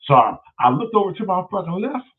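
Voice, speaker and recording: A man hosting his own show, telling stories in a profane, animated way. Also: high voice, fast. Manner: profane, animated, loud storyteller. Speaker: show host. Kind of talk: casual livestream storytelling. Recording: tinny phone-like sound.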